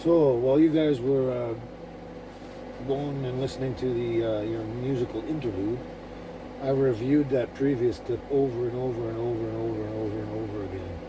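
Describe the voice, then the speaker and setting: A man's voice: mid-range voice, steady tone, normal speed. A man talking casually to camera, rambling with many fillers and restarts. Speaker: vlogger. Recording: distant mic with background noise.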